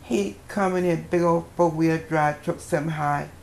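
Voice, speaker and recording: An older woman telling a personal story as a guest, in a lively storytelling manner with a dialect grammar. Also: deep voice, normal speed, creaky, reverberant, slight background noise.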